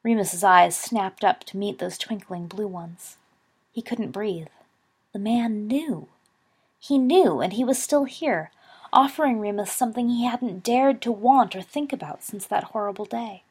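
A woman narrating a story in a steady, measured reading voice. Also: mid-range voice, breathy edge. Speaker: reader.

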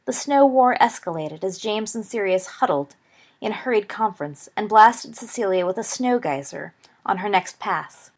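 A woman reading a story aloud in a steady, expressive narration. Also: medium pitch, normal speed. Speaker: audiobook reader.

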